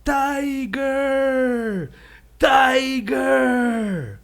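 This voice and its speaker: Sly little rabbit, squeaky and shouting, put on by a man telling a joke. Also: lively intonation, extremely slow, gravelly, full character voice. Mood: calling. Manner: high, pleading and shouting. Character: sly pleading male rabbit, small trickster.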